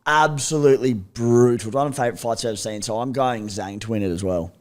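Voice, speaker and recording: Male co-host, middle pitch, easygoing banter, quick to laugh. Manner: laid-back, teasing, laughs easily. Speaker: podcast co-host. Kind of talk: casual podcast chat.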